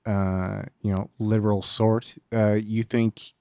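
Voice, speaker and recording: Low-voiced man talking bluntly. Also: little pitch movement, slow, creaky, mellow, clean tone, dry recording, clean studio sound. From Canada. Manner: blunt, swears often. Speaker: podcast co-host. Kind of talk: casual political chat.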